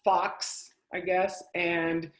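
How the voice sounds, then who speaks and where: A man interviewing a guest over a video call, animated and quick to laugh. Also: sits high. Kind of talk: casual video-call conversation. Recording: echoey room on a video call.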